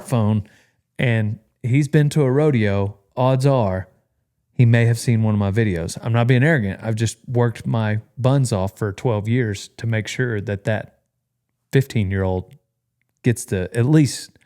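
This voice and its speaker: A man's voice: medium pitch, a little slow, mellow. Joking man hosting a podcast. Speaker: podcast host. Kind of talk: casual chat.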